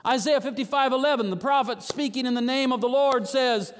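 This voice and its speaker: A man with a notably high voice delivers a sermon with animated, rising emphasis. The long reverb of a church sanctuary trails each line. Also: a little fast, smooth. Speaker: pastor.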